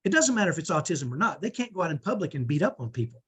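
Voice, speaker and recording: A man's voice: on the high side, very animated, racing, breathy edge. A middle-aged man hosting a live online parenting training on a video call, earnest and emphatic, often tagging on "right?". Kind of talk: live webinar talk.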